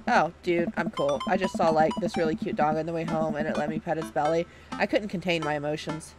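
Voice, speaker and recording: A woman's voice: low voice, fairly even intonation, a little fast, music in the background, pitched below the performer's own voice, close to an everyday voice. A woman voicing a playful, sarcastic teenage girl who deflects with jokes. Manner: teasing, deflecting.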